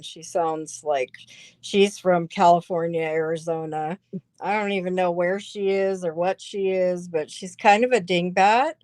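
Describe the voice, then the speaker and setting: A woman vlogger talks at an unhurried, drawn-out pace, swearing freely and giggling between remarks. Her voice sits close and dry, with no room sound around it. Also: mid-range voice, a little mellow, no room sound. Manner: giggly, swears freely, chatty asides to viewers. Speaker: vlogger reacting to a livestream clip. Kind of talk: casual profane commentary.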